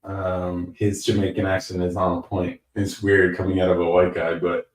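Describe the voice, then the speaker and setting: A man's voice: low voice, level tone, normal speed, far from the mic. An American-born man hosting a casual livestream Q&A, reading chat comments and answering in a rambling, joking, self-deprecating way. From United States. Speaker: host answering live chat. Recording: roomy sound from away from the mic.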